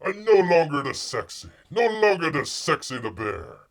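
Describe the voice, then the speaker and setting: A theatrical male bear with a mock Italian accent, put on by a man, pleading in broken English. The voice sits well above the speaker's own and swings widely in pitch. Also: big pitch swings, moderate pace.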